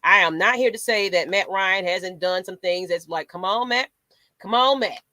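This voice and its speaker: A woman's voice: medium pitch, normal speed, bright, forceful tone, no echo. A woman hosting a fan channel, ranting in a sassy, dramatic way. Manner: sassy, dramatic, rants with mock voices. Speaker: sports channel host. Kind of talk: animated fan commentary.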